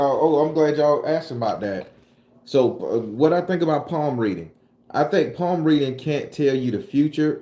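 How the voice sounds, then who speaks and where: Dark-voiced Southern man in an echoey room. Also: mid-range voice. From southern Florida. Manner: loose, profane slang while answering live chat comments. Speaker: tarot reader and channel host. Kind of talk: casual livestream chat.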